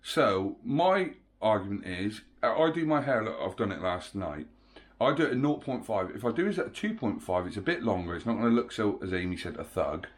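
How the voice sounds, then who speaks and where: A man's voice: lowish voice, animated, fairly quick. A man, a parent, explaining his plan in a casual family vlog, chatty and persuasive. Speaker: parent vlogger.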